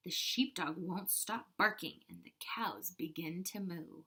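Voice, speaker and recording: A woman kindergarten teacher reading a picture book aloud to children, animated with soft-spoken asides. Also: on the low side, measured pace, hardly any pauses, slightly rough.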